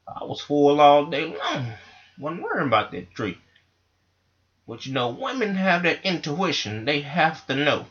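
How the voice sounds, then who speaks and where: A man's voice: on the high side, sing-song, unhurried, fairly bright tone, dull audio. A man telling a rambling, profane comic story into a microphone. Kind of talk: comedic monologue.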